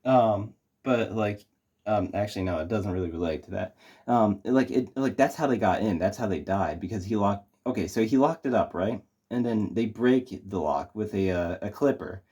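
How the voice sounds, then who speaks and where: A man's voice: lowish voice, moderate pace, warm tone, husky. A young man reviewing a movie in casual chat, rambling with lots of fillers and restarts.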